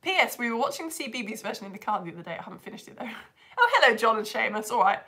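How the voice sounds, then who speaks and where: A woman's voice: on the high side, animated, very fast, bright, forceful tone. A young woman teaching online, chatting with viewers on a live stream, bubbly and laughing often as she greets people by name. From United Kingdom.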